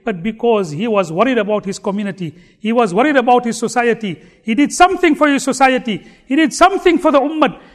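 A man preaching a sermon, telling stories with emphatic repetition. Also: very high voice.

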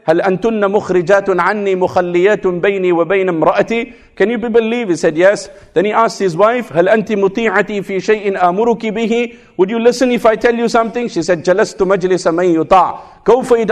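A male preacher delivers a sermon at a brisk clip, his voice sitting fairly high. He tells stories in an animated way, acting out the people in them and rattling off quick Arabic recitations. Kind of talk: sermon on marriage with storytelling.

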